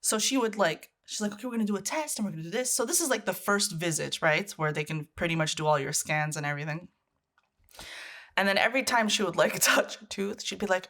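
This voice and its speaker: A woman's voice: medium pitch, brisk, pushed and bright. A Canadian woman co-hosting a podcast, telling a story in casual chat, laughing often and swearing freely. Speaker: podcast co-host.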